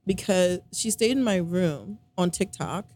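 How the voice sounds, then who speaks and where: In a casual conversation, a woman tells a personal story about a relationship, full of fillers, tangents, and quotes from others. Her voice is lowish and darkish with lively intonation and a slightly slow pace, and a little hiss or hum sits under the recording.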